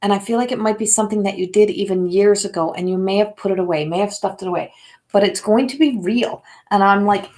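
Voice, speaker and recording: A woman's voice: mid-range voice, quick pace, a little mellow. An older woman hosting a live intuitive reading, talking in a rambling way with many fillers and calling viewers by name. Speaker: intuitive card reader.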